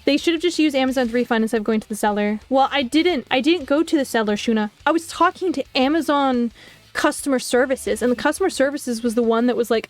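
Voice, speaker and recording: A woman's voice: sits high, fast. A woman streamer chatting casually while she draws, telling a story with lots of swearing and mocking voices. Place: home streaming setup.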